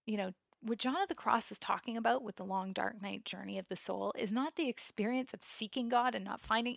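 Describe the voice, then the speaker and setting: A woman guest telling a personal story candidly and emotionally, with many "like" and "you know" fillers and swings between hushed and loud passages. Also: mid-range voice, gravelly, dry recording. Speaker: podcast guest.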